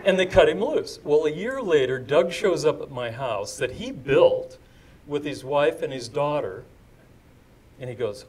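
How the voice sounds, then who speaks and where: An older man with a fairly high, animated voice tells a story slowly to a live audience at an indoor event. He is chatty and digressive, throwing asides to the crowd.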